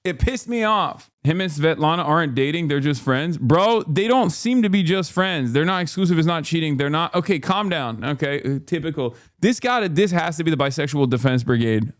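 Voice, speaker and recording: Casual stream host, man, higher-pitched, rambling and animated, close dry mic. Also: fairly quick, hardly any pauses, dry recording. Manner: rambling, animated, swings from mumbling to loud exasperation.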